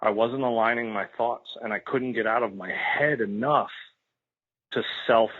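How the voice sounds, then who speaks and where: A podcast guest tells a raw personal story in a medium-pitched voice with fairly even intonation and a moderate pace. He's emotional and repetitive, swearing freely, and the line sounds tinny, like a phone.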